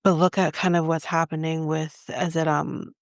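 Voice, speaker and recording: Opinionated woman with a gravelly low voice. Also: level tone, normal speed, no echo, clean studio sound. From Canada. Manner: opinionated, emphatic, self-interrupting. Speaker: podcast co-host. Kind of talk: casual opinion chat.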